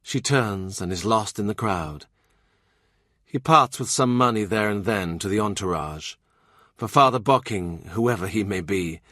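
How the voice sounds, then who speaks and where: A man narrating a historical novel audiobook in a measured, even way. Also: lowish voice, no room sound, clean studio sound. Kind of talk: scripted narration.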